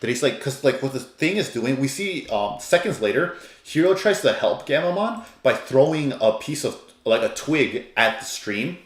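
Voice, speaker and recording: A man's voice: mid-range voice, expressive, moderate pace, roomy sound. A man reviewing an anime episode in a casual, rambling, enthusiastic way, with lots of fillers.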